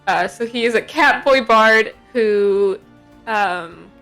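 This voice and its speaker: A woman player in a tabletop game describes her character in a casual, chatty way. Her voice is bright and open. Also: fairly high pitch, slow pace, soft background music.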